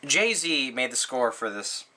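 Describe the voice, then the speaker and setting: A man giving a casual movie review, rambling and sarcastic, with lots of "like" and "um" fillers. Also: slow. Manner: rambling, full of "like" and "um", sarcastic asides; animated, frequent jumps in pitch.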